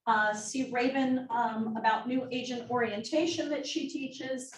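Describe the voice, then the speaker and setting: A woman's voice: fairly high pitch, fairly even intonation, unhurried. A woman running an office team meeting presentation, upbeat and making joking asides. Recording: roomy, distant mic, faint noise.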